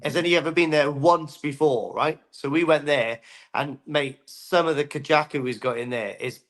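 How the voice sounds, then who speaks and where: A man joining a live auction as a guest, telling excitable, jokey stories in casual banter. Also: a little high, moderate pace. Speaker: guest co-host.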